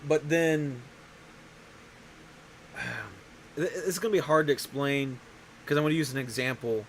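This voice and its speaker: A man with a medium-pitched voice hosts a show at a slightly slow pace, chatting casually and rambling, often restarting his sentences and interrupting himself. The audio is poor, with a little hiss or hum.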